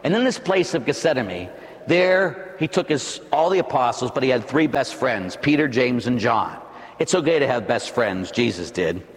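A priest delivering a dramatic, emphatic sermon, building up to loud shouts. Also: male voice, medium pitch, animated, moderate pace, big-room sound.

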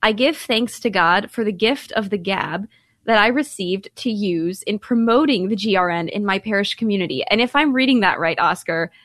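A woman's voice: mid-range voice, expressive, moderate pace, fairly bright tone, no echo. A woman from Ireland co-hosting a Catholic radio talk show, chatty and enthusiastic as she invites calls.

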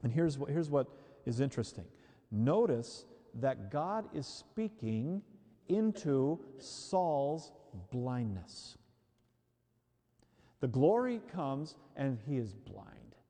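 Animated male preacher in a reverberant hall. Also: medium pitch, slow. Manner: emphatic and animated, repeats key phrases and acts out everyday voices. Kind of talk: sermon.

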